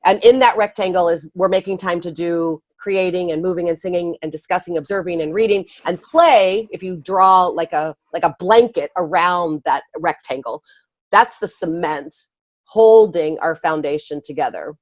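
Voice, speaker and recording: A woman guest, an early education speaker and author, explaining her ideas in a conversational interview with quick laughs and restarts. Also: on the low side, no echo.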